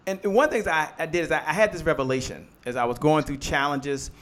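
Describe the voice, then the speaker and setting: A man's voice: a little high, fairly even intonation, quick pace, fairly bright tone. A man hosting a live motivational business show, preaching in call-and-response and greeting viewers by name. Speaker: host.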